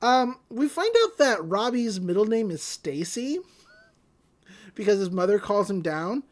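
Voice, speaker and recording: A woman co-hosting a podcast, casually recapping a cartoon episode in an animated way with many fillers. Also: mid-range voice, measured pace. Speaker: podcast co-host.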